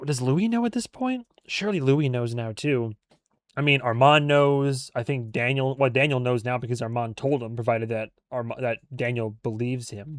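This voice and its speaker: A man's voice: medium pitch, no room sound, clean studio sound. A man hosting a reaction video, chatting casually about a TV episode, rambling, correcting himself and laughing often. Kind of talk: casual commentary over a TV episode.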